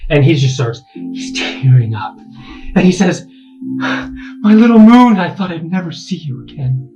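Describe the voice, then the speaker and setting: A man working as dungeon master, narrating a tabletop game in a halting way full of restarts. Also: mid-range voice, darkish tone, low-quality recording.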